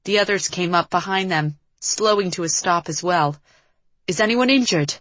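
Woman reading an audiobook, lowish voice, dry close sound. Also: fairly even intonation, normal speed, fairly bright tone, dry recording. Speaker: audiobook narrator. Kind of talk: scripted narration.

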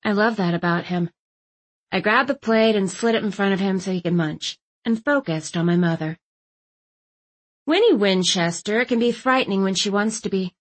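A woman reads a first-person audiobook at a medium pitch. Her delivery is even and wry, with lightly dry asides. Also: normal speed. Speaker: audiobook narrator. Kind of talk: first-person scripted narration.

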